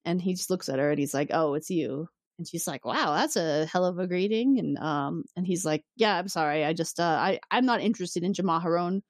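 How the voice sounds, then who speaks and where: A woman co-hosting a podcast in casual chat, recapping an episode with lively acted-out lines and frequent laughter. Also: fairly low pitch, brisk, hardly any pauses, no room sound, studio quality. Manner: animated, acts out characters' lines, laughs often. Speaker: podcast co-host.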